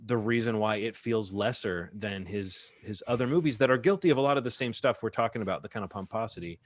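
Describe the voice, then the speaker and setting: A man co-hosting a podcast about movies, chatting casually and getting animated, with laughs and sudden jumps up in pitch. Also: fast talker. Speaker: podcast co-host. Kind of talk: casual chat.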